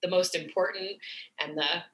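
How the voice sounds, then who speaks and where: Bright-voiced woman in an echoey room. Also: lowish voice, fairly even intonation, normal speed. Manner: warm, reflective, many fillers. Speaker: guest, sex therapist. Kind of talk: podcast interview.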